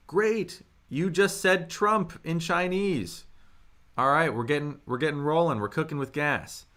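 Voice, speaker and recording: A young man teaching a live online language lesson, upbeat, reading the chat aloud and modelling tones slowly and loudly. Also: fairly high pitch, animated. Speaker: Mandarin teacher on a livestream.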